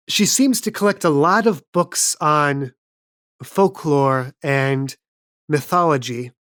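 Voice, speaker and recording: Woman game master, low voice, relaxed and matter-of-fact, dry close mic. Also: no echo. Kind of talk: narrating a tabletop game.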